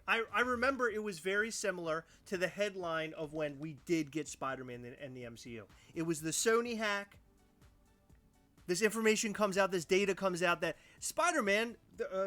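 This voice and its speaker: Animated, ranting young man. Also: high-pitched. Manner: animated, mock-outraged ranting. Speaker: podcast co-host. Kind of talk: casual chat.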